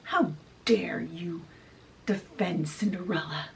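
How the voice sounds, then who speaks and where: A woman's voice: fairly low pitch, slow pace, vocal fry, far from the mic, rough recording. A woman voicing a bitter, raging wicked stepmother who rants shrilly and hisses cruel threats. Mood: menacing.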